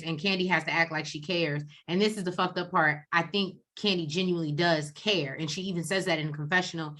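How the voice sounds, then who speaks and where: A woman co-hosting a reality TV recap, talking in a blunt, profane, animated way and acting out quotes. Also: on the low side. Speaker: co-host of a TV recap show. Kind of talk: casual reality TV recap chat.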